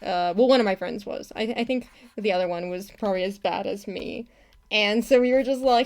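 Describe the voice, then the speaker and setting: A woman's voice: mid-range voice, normal speed. A young woman from the United States chatting casually on a live stream while she animates, talking in a chatty way with lots of laughs and self-corrections. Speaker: animator streaming her work.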